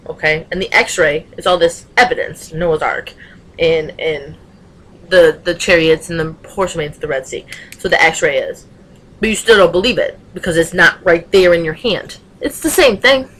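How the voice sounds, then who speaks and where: A woman's voice: lowish voice, fairly bright tone, breathy edge, rough recording. A young woman vlogger talking straight into her webcam, with emphatic, passionate delivery full of rhetorical questions. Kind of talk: casual webcam rant.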